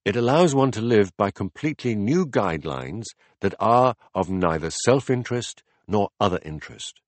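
A man voicing a patient philosopher who explains ideas step by step in a measured, deliberate audiobook reading. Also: fairly low pitch, animated, dry recording, natural voice. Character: calm, patient male teacher explaining ideas. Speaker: philosopher in a dialogue.

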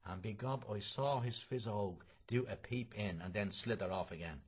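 A man's voice: lowish voice, moderate pace, slightly rough. A man reading a novel aloud in a colloquial, gossipy storytelling manner. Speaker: reader.

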